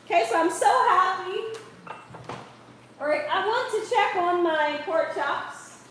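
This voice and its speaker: A woman's voice: extremely high pitch, slow pace, a bit bright. A middle-aged woman hosting a casual live cooking show from her home kitchen, chatty and playful, often laughing as she talks. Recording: very echoey room with faint background hiss.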